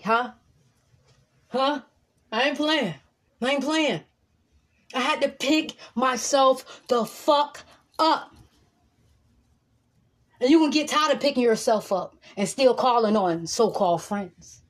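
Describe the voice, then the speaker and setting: Husky woman preaching fiery self-empowerment. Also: fairly high pitch. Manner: emphatic, preachy, profane; repeats lines for emphasis. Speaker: vlogger. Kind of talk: motivational monologue to camera.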